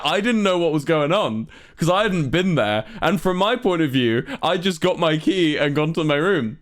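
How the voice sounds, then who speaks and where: A man's voice: on the high side, lively intonation, moderate pace, few pauses. A young man, a streamer and musician, telling a long rambling story on a livestream and swearing often.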